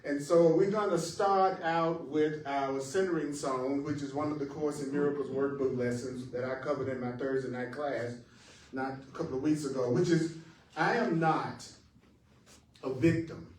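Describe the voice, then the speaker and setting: A man with a mid-range, darkish voice and a steady tone teaches spiritual lessons reflectively at normal speed, stressing words for meaning, playing with emphasis and bursting into song. It's a spiritual talk with singing, picked up by a distant live-stream mic in an echoey room, with faint music and a little hiss or hum.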